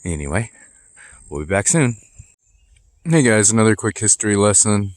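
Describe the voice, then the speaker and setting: A man's voice: lowish voice, very animated, normal speed, dry recording. A man in his forties vlogging casually while out on a walk through his neighborhood, chatting in a rambling, nostalgic way with plenty of fillers. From Texas. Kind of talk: casual walking vlog. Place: outdoors walking through a neighborhood. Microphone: phone camera held while walking.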